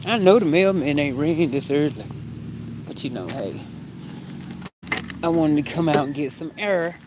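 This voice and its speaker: Brief: woman, casual vlog chat to the camera, animated pitch, faint background noise, recorded on a phone. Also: moderate pace. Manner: chatty, animated, talks straight to the camera. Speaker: vlogger. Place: at home, then outdoors on the porch.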